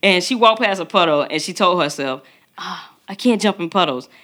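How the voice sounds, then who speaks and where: A woman's voice: fairly low pitch, animated, normal speed, a bit bright. A woman in her thirties co-hosting a podcast, chatting casually and animatedly, laughing often. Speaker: podcast co-host.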